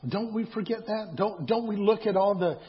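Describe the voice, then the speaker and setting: A man's voice: high-pitched, moderate pace. A man preaching a sermon in a conversational way, repeating himself and asking rhetorical questions. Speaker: pastor. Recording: dull lo-fi sound.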